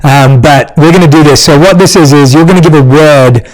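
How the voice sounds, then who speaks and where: Man, podcast host, fairly high voice, casual, self-deprecating, laughing, restarts sentences. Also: brisk, low-quality recording. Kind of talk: casual interview chat.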